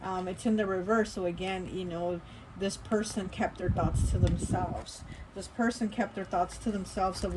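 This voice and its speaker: A woman's voice: on the low side, fairly even intonation, normal speed, noisy background. Chatty woman giving a tarot reading. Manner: chatty, rambling, many fillers and restarts. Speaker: tarot reader. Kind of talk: casual tarot reading monologue.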